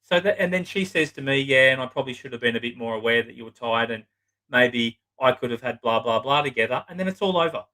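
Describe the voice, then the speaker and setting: A man's voice: mid-range voice, expressive, fast talker, sharp tone, low-quality recording. A man, a psychotherapist guest, giving earnest, blunt relationship advice in casual talk, swearing now and then for emphasis.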